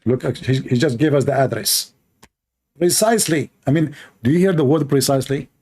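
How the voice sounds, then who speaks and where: A man's voice: mid-range voice, a little fast, warm tone, slightly rough. A man whose first language is Arabic, with an Arabic accent, hosting his show and mocking a clip in sarcastic, playful commentary. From Middle East. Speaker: show host reacting to a clip.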